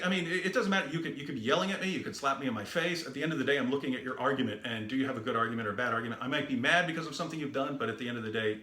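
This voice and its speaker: A man who is a Christian debater, telling a story in a lively, animated way. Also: mid-range voice. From the West. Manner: lively and animated, acts out quoted voices. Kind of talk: storytelling talk. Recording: roomy echoey room.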